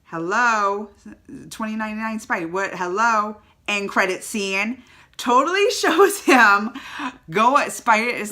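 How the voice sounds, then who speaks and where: Chatty woman with a bright voice. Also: mid-range voice. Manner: chatty and emotional, tearing up then laughing. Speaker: movie reviewer. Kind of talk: casual vlog movie review.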